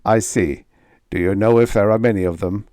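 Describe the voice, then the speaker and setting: A man's voice: on the low side, steady tone, normal speed, dark tone, no room sound, studio quality, close to an everyday voice. A man reading the lines of a brusque military commander speaking over a ship's radio panel, clipped and commanding.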